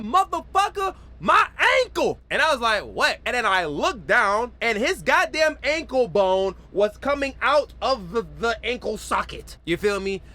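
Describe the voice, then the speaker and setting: A man's voice: high voice, bright, forceful tone. A young man doing casual reaction commentary, rambling and slangy, who swears and argues with the clip.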